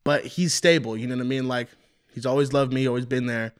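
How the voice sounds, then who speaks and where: A young man, a rapper, talking casually in an interview about writing songs, with relaxed speech full of "you know what I mean". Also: mid-range voice, fast talker. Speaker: rapper guest.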